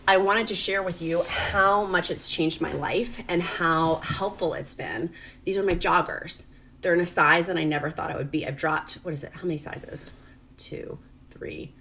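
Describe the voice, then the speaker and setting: A woman's voice: on the low side, creaky, pushed and bright, slight background noise. A middle-aged woman from rural Virginia, crying as she talks in a rambling, confessional vlog. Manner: tearful, confessional, rambling with many "like"s. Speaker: vlogger. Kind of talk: emotional personal vlog.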